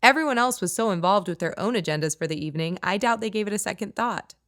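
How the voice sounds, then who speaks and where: A woman voicing a playful, blunt adult friend who teases and pries, a touch higher and louder than her narration. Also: lively intonation, quick pace, no room sound, clean studio sound, lightly acted. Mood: teasing. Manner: playful, blunt, lightly sarcastic.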